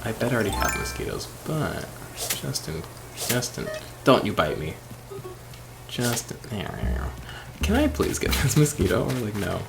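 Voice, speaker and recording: A tired man rambles through a late-night gaming session, his low, gravelly voice jumping around a lot. He talks in loose, self-deprecating circles and breaks into excited squeals. Clear music plays under him. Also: fairly quick. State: sleepy. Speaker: streamer. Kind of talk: late-night casual gameplay chat.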